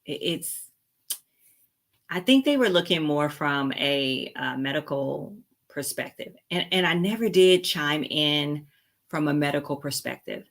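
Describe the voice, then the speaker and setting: A woman's voice: low voice, animated, unhurried, a bit bright. A woman nurse practitioner hosting her channel, talking casually to camera in a rambling way with lots of fillers and restarts. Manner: laughs easily, playful asides to viewers.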